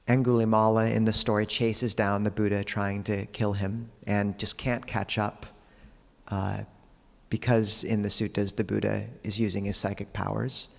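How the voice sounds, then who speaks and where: A man, a Buddhist monk, giving a dharma talk, telling teaching stories in a calm, measured way with quiet pauses. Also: on the low side, vocal fry, in a large hall.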